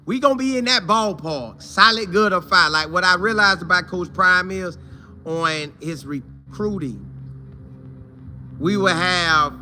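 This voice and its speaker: A man's voice: high voice, animated, measured pace, bright, forceful tone, a little hiss or hum. A man hosting a casual live fan show, greeting viewers by name and repeating his points for emphasis. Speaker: host of a college football fan show. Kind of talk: casual live-stream chat reading viewer comments.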